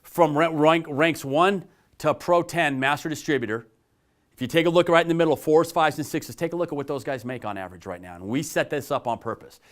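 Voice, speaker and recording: A middle-aged man giving a persuasive sales pitch to the viewer as a network marketing presenter. He talks emphatically and stacks up rhetorical questions.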